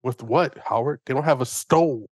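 A man voicing a deadpan, sincerely baffled young man, a little lower than his own voice. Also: moderate pace, dry recording, close to an everyday voice. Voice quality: flat, deadpan.

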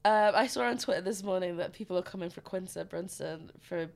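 A woman's voice: fairly low pitch, fairly quick, creaky. A young woman, chatting casually as a podcast co-host and telling stories with frequent laughter. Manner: chatty storyteller, laughs often. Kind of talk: casual chat.

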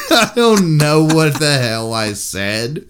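Young male comedy co-host, loose banter, animated pitch. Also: slow, a little hiss or hum. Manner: loose, joking, laughs easily. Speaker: podcast co-host.

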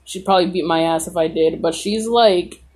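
A woman's voice: lowish voice, moderate pace, a little mellow. A woman casually telling a rambling personal story on a podcast, full of "like" and reenacted dialogue. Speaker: podcast host.

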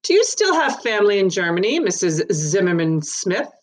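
A woman's voice: mid-range voice, big pitch swings, normal speed. A woman reading as a probing, stern male magistrate. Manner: probing and formal.

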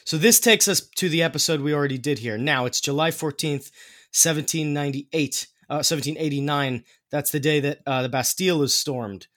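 A man's voice: a little high, fairly quick, a bit bright, no room sound, studio quality. A man hosting a podcast, explaining history in casual chat, with many fillers and restarts.

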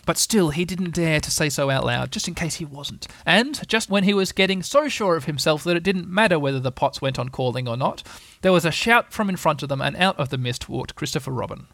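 A man's voice: a little high, expressive, brisk, hardly any pauses, fairly bright tone, no echo. A man reading a children's storybook aloud as narrator. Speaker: audiobook reader.

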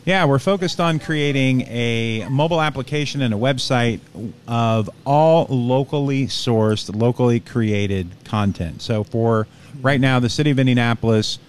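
A man who founded a podcast network, chatting as a guest with a joking, self-mocking humor and an upbeat pitch. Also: measured pace. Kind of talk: casual podcast chat.

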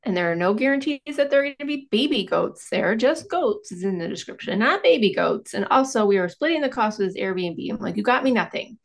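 A woman's voice: mid-range voice, creaky. A woman in her thirties chatting casually as a podcast co-host, self-deprecating, with a slight lisp from dental aligners. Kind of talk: casual chat.

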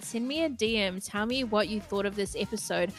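A woman's voice: medium pitch, a little fast. A woman hosting a podcast, reading an upbeat, bubbly outro. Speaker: podcast host. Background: faint music.

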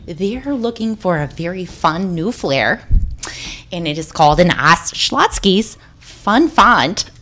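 A woman co-hosting a loose comedy podcast. She reads posts aloud with big, lively swings in pitch and a mock-dramatic edge, swearing freely. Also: slow. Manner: animated, swearing, dramatic emphasis while reading. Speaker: podcast co-host. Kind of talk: casual comedic chat, reading posts aloud.

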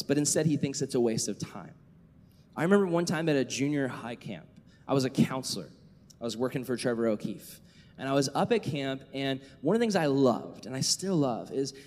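A young man preaching to a youth group, telling a story with animated delivery and casual filler words. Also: mid-range voice. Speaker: youth pastor. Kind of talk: sermon to youth. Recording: echoey hall reverb.

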